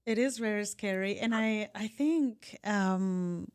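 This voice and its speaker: A woman's voice: mid-range voice, slow pace, clear, resonant tone. A woman co-hosting a podcast, speaking in an open, thoughtful way and sometimes searching for her words. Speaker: podcast co-host. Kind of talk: casual conversation.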